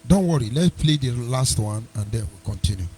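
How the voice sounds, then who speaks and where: A man's voice: mid-range voice, animated, brisk, dark tone, slightly rough. A man hosting a live internet radio talk show, combative and mocking, breaking into sing-song asides. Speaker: radio host.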